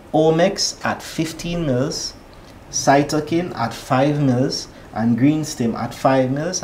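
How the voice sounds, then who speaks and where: A man hosting an online farming presentation, giving steady, clear instructions and repeating key questions. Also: mid-range voice, a little hiss or hum, rough recording. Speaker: agronomy presenter and host.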